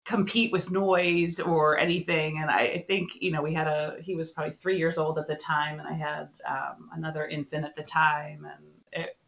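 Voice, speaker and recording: A woman's voice: low-pitched, level tone, normal speed, creaky, fairly bright tone. A woman in her thirties hosting an interview, chatty and laughing between phrases. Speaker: host. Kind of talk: casual interview chat. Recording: muffled lo-fi video call audio.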